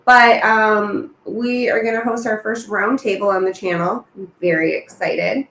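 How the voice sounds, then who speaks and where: A woman's voice: medium pitch, steady tone, a little slow, a bit bright. Chatty woman host in an echoey room. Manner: chatty, upbeat, rambling with fillers. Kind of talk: casual production meeting chat. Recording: echoey room with faint noise.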